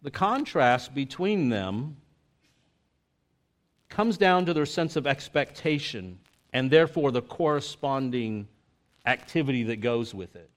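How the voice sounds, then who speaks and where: A pastor preaching a conversational sermon, full of "you know" and "like" fillers, moving between lively asides and quiet, earnest reflection. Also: male voice, medium pitch, unhurried.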